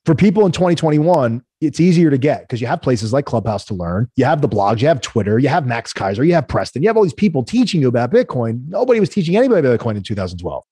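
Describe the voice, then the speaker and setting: A man from the United States, a guest entrepreneur telling stories in a casual interview, animated and laughing as he acts out quotes. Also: medium pitch, fast, hardly any pauses, husky, no echo.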